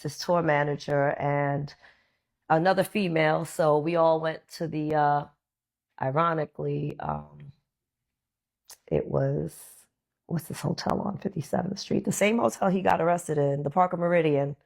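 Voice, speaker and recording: A woman with a low-pitched voice recounts a memory in a relaxed, chatty way. She animates the story by putting on other voices for the people she quotes. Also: vocal fry. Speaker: interview guest. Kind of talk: casual storytelling.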